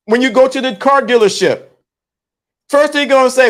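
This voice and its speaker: A man's voice: very high-pitched, a little fast. A man telling a comic story in a monologue and acting out every part of the scene. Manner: animated, acts out both sides of a scene. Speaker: commentator.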